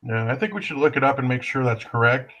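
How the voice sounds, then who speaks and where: A man's voice: medium pitch, quick pace, a bit bright, muffled recording. A man co-hosting a podcast, talking laid-back with dry remarks in casual chat. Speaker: podcast co-host.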